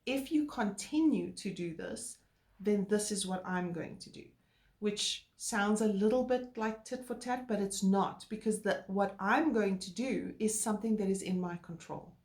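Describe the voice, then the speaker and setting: A woman co-hosting a relationship talk, explaining calmly and earnestly with filler words. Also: medium pitch, normal speed. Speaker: co-host. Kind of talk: casual chat. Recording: roomy echo.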